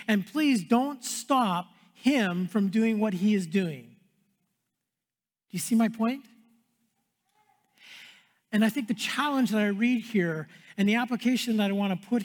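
A male pastor preaching a sermon in an earnest way, repeating phrases and dropping to a hush for emphasis. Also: sits high. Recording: long hall reverb.

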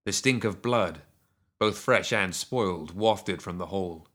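Male audiobook narrator with a somewhat low voice; steady, measured reading of a dark western fantasy.

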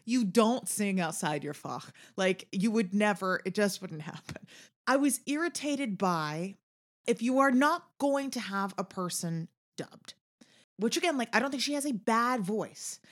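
A woman's voice: mid-range voice, lively intonation, a little slow. A woman co-hosting a podcast, giving opinionated, sardonic film commentary with opera know-how. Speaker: podcast co-host. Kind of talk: casual chat recapping a film.

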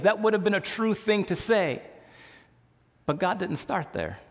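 Animated male pastor preaching in a reverberant hall. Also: high-pitched, measured pace, long pauses. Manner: conversational, animated preaching with restarts. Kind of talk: sermon.

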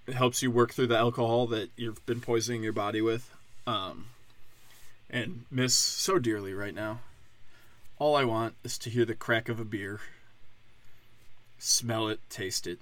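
A man's voice: mid-range voice, pushed and bright. A man hosting a podcast, delivering a profane, sarcastic comedic rant into a close mic. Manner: crude, profane, sarcastic ranting. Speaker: podcast host.

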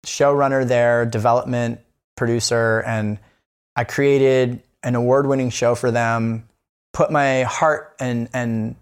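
A man's voice: medium pitch, steady tone, slow, smooth. A man co-hosting a podcast, talking candidly in a casual chat, rambling with many fillers and restarts. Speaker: podcast co-host.

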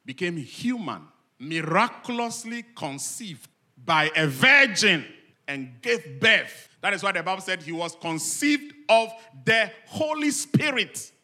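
A man delivers a Sunday sermon to his congregation in a high, very bright and cutting voice. He keeps asking the listeners questions and answering them himself. He moves between loud, emphatic declarations and quiet, low asides. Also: big pitch swings, takes it slowly. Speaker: pastor. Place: church service with a live congregation.

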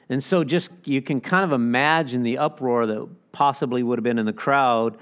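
A man's voice: mid-range voice, moderate pace, dull audio. A man who is a pastor, explaining a Bible chapter and stopping now and then to picture the scene aloud. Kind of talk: expository Bible teaching.

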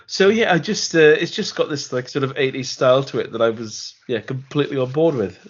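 A man co-hosts a casual film podcast, rambling through his thoughts with lots of restarts and laughs as he talks. His voice is a little husky and sits at a middling pitch. The audio is dull and lo-fi, like a remote call. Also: fairly quick. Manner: rambling, repeats words, laughs while talking. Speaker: podcast co-host.

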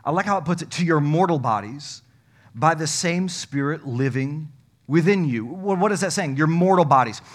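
A male pastor preaching a sermon, emphatic and folksy, joking with the congregation and swinging from loud to hushed. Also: fairly high pitch, animated, normal speed.

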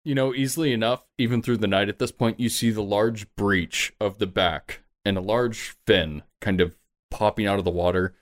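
A man narrating a tabletop game as game master, relaxed, jokey and freely swearing. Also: lowish voice, normal speed.

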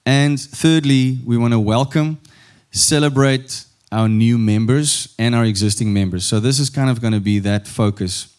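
A man with a South African accent preaching a sermon as pastor, in a warm, chatty way and laughing easily. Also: medium pitch, moderate pace, smooth.

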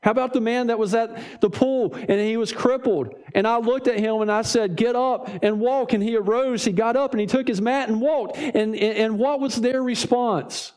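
A man preaching a sermon, animated, acting out voices in dialogue and often repeating words as he builds a point. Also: very high-pitched, normal speed, few pauses, clean tone. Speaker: pastor.

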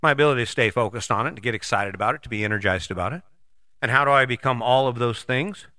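Fast and sharp in a mid-range voice, this sixty-something podcast host gives a blunt, folksy motivational monologue sprinkled with casual swearing. He switches into voices for imagined people, and the studio recording is clean with no echo.

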